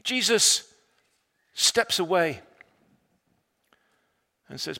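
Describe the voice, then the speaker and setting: A man preaching a sermon, retelling a story dramatically and swinging between loud, emphatic lines and hushed, quiet ones. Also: a little high, expressive, takes it slowly. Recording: long reverb of a large hall.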